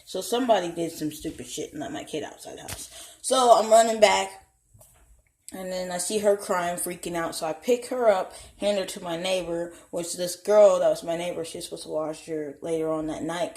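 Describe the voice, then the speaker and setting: A woman's voice: lowish voice, fairly quick, a little mellow. A young woman vlogging a candid personal story at home, blunt and profane, acting out the voices of people she quotes. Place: home, indoors. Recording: echoey room.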